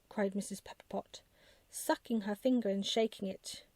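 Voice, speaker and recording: Woman, mid-pitched, gentle ASMR storyteller, whispered role-play, dry close mic. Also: steady tone, measured pace, no echo. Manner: soft bedtime storytelling.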